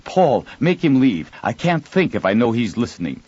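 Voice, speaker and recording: A man's voice: medium pitch, sing-song, normal speed, a little mellow, breathy edge, dry recording, highs cut off, pitched above the performer's own voice. A man voicing a woman officer stranded aboard a crippled starship, keeping her replies level and dutiful. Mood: steady.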